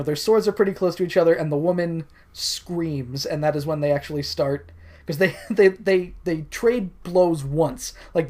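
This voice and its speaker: A man's voice: fairly high pitch, darkish tone. A young man talking through a film with his co-host, easygoing and unscripted. He fills his sentences with "uh" and "like" and laughs as he goes. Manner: recaps scenes loosely, acting out the characters' lines; lots of fillers, chuckles mid-sentence. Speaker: podcast co-host. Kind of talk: casual movie discussion.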